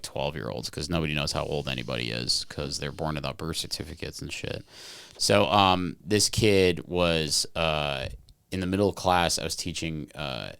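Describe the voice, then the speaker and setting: A man's voice: rumbling low, vocal fry, a bit bright, smooth, no room sound. A man co-hosting a podcast in casual chat, telling stories with lots of swearing and stumbling restarts. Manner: rambling storyteller, swears freely, many restarts. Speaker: podcast co-host.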